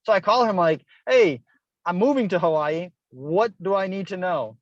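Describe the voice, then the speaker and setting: A man's voice: high voice, normal speed, no room sound, lo-fi sound. A middle-aged man, a guest author, telling a personal story with earnest feeling and acted-out dialogue. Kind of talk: interview storytelling. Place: Hilo, Hawaii.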